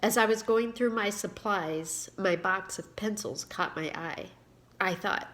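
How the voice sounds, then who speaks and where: A woman in her forties from Indiana, an author who records a personal video and reads aloud from her book, emotional and halting at times. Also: mid-range voice, a bit bright. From Indiana, USA. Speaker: author and giving speaker.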